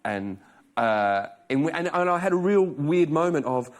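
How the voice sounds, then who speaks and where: A man's voice: a little high, animated, normal speed. A man, a comedian and talk show guest, telling self-deprecating stories and acting out the people in them. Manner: chatty, self-deprecating, acts out voices in stories. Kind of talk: animated chat show storytelling.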